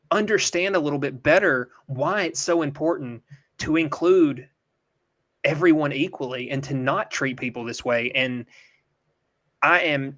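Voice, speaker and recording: A man's voice: on the high side, fairly bright tone. An earnest middle-aged man hosting a call-in livestream, speaking in a slightly raised voice. He talks with emphatic conviction and drops the odd curse when he gets heated. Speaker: livestream host. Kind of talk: casual call-in livestream chat.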